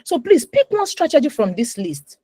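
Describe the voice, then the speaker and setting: A woman in her thirties giving an animated, emphatic talk to a moms' group on a video call. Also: high voice, moderate pace, dry recording, rough recording. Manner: animated, emphatic, with repetitions and acted asides. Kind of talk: live online talk.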